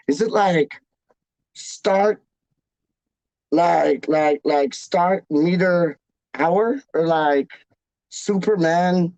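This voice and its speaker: A man's voice: fairly high pitch, slow, long pauses, no echo, poor audio. Slangy, jokey streamer man, dry sound. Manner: animated, jokey, slangy riffing. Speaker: livestream host reading chat. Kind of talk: casual chat.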